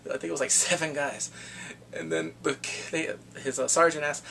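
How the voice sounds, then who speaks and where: A man casually recapping a drama, animated and laughing often as he acts out the scenes. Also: fairly high pitch, moderate pace, creaky, a little hiss or hum. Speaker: drama reviewer.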